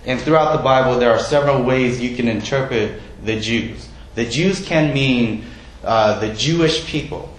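A man's voice: medium pitch, normal speed, a little hiss or hum. Man, pastor, conversational sermon, asks the congregation questions, echoey room, faint background ambience.

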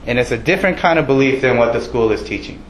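A man delivers a sermon in a loose, conversational manner, pausing often with ums and uhs. His voice sits at an ordinary middle pitch. The room around him rings with echo. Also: animated, slight background noise. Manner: casual, conversational preaching with many fillers. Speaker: preacher. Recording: echoey room.

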